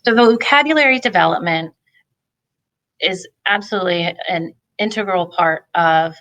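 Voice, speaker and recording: A woman talks parents through reading games in a friendly, explanatory way, now and then pausing on an um. Her voice sits a little low but rings bright and forceful. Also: low-quality recording. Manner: friendly, explanatory, with filler ums. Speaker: family literacy presenter. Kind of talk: instructional talk for parents.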